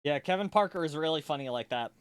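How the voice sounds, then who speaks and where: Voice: medium pitch, expressive, fast talker, clean tone, dry recording. A streamer chatting casually and playfully during a live build, swearing freely and rambling to the audience. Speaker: livestreamer. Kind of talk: casual livestream chat while building.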